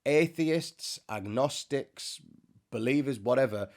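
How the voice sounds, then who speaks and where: A man's voice: medium pitch, slow pace, darkish tone. Man giving a casual faith talk. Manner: conversational, with joking asides. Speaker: Christian speaker. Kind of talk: informal spiritual teaching to camera. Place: indoors, sitting before a bright camera.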